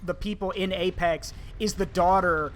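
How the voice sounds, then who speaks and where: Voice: medium pitch, steady tone, normal speed, fairly bright tone, slight background noise. A stream host chatting casually while gaming, rambling and repeating points. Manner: rambling, repeats points, talks about game villains at length.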